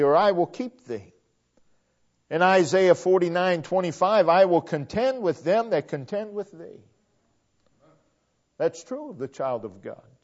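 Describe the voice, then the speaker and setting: A man preaching a sermon, quoting scripture at length with emphatic, drawn-out delivery. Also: a little high, darkish tone. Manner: emphatic, drawn-out delivery with frequent Bible quotations. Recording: dull lo-fi sound.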